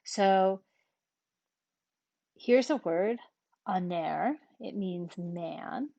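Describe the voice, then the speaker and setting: A woman's voice: mid-range voice, drawn-out words, gravelly, dark tone, no room sound, muffled recording. A woman teaching a language lesson in a patient, step-by-step way, with frequent ums between points. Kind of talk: relaxed classroom explanation.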